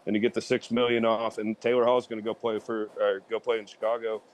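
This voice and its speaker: A man's voice: on the low side, level tone, fast talker. A man co-hosting a casual sports talk show, rambling and restarting his sentences with lots of fillers. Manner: rambling, repeats himself with many fillers. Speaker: co-host.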